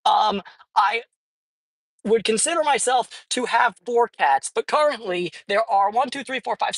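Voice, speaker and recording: A woman's voice: on the high side, lively intonation, a little slow, breathy edge, dry recording, rough recording. A woman vlogging casually while driving, rambling with lots of fillers and swearing now and then inside a car. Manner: rambling, profane, many fillers.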